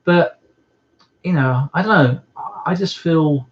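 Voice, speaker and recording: A man's voice: on the high side, drawn-out words, a little hiss or hum. Rambling, hesitant man on a muffled stream. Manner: rambling, hesitant, many ums. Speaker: live streamer. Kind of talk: casual live-stream chat. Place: at home indoors. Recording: slightly muffled lo-fi stream audio.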